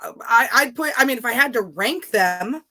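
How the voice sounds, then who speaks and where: A woman's voice: a little high, lively intonation, normal speed, bright, forceful tone. Chatty woman panel guest. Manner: chatty, easygoing, hedging with fillers. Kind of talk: casual panel chat.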